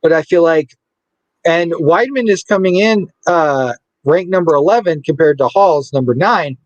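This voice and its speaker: A man's voice: fairly high pitch, moderate pace, no echo, dull audio. A man co-hosting a podcast, chatting casually and playfully, sometimes stumbling over names. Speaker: podcast co-host. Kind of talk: casual sports chat.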